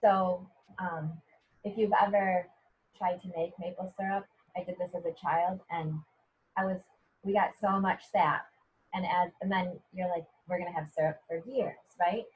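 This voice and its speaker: A middle-aged American woman, a poet and professor, walks listeners through a poem. Her voice is strongly husky and sits a little low, and she keeps checking in with "right?" The video-call audio sounds dull and lo-fi. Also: flat delivery, a little slow. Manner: conversational, often checking in with "right?" and "okay?". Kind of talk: teaching a poetry workshop.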